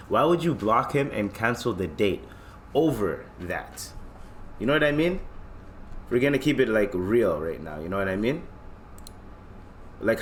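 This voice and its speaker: A man's voice: lowish voice, a little hiss or hum. A man hosting a podcast in loose, slangy casual chat, often checking in with listeners. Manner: loose, slangy, keeps asking "you know what I mean". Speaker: podcast host.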